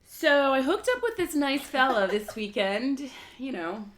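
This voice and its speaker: A woman's voice: high-pitched, unhurried. A woman in her late twenties, co-hosting a casual podcast chat, telling a story with lots of acted-out quotes. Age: 20s. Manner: animated storytelling, acts out quotes. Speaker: podcast co-host.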